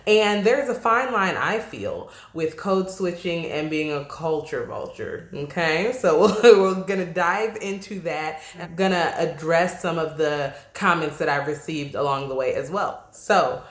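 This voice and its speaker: A woman's voice: lowish voice, a bit bright, echoey room. A Nigerian-born woman raised on the US East Coast, hosting her podcast in a chatty, laughing way and checking in with listeners. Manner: chatty, laughs often, asks listeners "okay?". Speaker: podcast host. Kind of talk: casual solo podcast talk.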